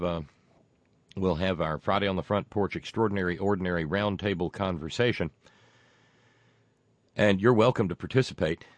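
Male radio host, low voice, dry close sound, rambling folksy pitch with lots of restarts. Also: dry recording. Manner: rambling, halting, many fillers and restarts. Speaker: radio talk show host. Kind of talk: casual on-air talk and fundraising pitch.

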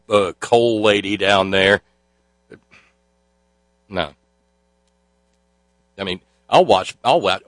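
A sarcastic Southern man with a bright, forceful voice talks casually and rambles through mocking commentary. His sound is dry and close, with no room around it. He shifts between jokes and asides with a loose, offhand manner. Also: on the low side, dry recording. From Southern United States. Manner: mocking, sarcastic, puts on cheesy accents.

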